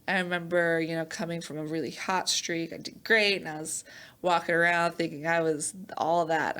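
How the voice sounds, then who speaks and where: A young woman, a champion athlete, telling stories in a casual interview, animated and acting out quoted voices with laughter. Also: on the low side, moderate pace, clean tone. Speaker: Olympic hammer thrower, podcast guest.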